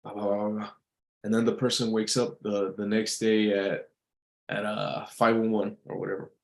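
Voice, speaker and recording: A man's voice: on the low side, level tone, moderate pace, echoey room. A man giving casual motivational advice, blunt and profane, often repeating himself and restarting his sentences. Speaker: vlogger giving life advice.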